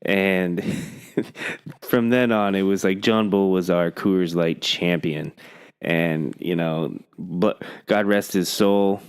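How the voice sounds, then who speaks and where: A man's voice: sits low, steady tone, takes it slowly, clear, resonant tone. A man co-hosting a podcast, chatting casually and telling rambling stories in a blunt, profane way. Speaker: podcast co-host; coach. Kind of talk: casual chat.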